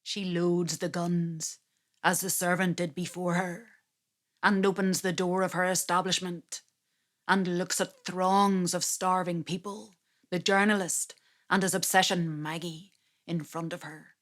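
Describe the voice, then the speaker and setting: Woman storyteller, slow theatrical spoken-word narration, lowish voice. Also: flat delivery.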